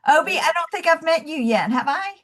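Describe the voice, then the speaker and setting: A woman's voice: very high voice, lively intonation, a little fast, a bit bright. A woman with a Southern US accent giving a casual, encouraging webinar presentation as a coach over a video call. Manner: chatty and encouraging, says y'all and calls listeners love.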